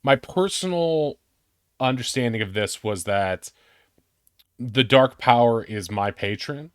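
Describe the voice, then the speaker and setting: A man's voice: mid-range voice, lively intonation, slow pace, clean tone, no room sound, studio quality. A man hosting a tabletop game night, chatting casually in a rambling, self-mocking way that often trails off. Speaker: game host.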